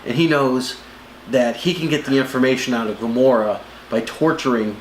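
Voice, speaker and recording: Man, movie review co-host, casual chat, animated, echoey room, faint noise. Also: moderate pace. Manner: animated, acts out movie lines in jumping high voices.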